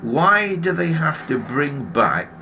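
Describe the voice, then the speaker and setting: A man's voice: on the high side, big pitch swings, slow, pushed and bright, slight background noise. A man hosting a live stream, ranting in an opinionated, grumbling way and often restarting his sentences. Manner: rambling with frequent restarts. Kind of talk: casual live-stream chat.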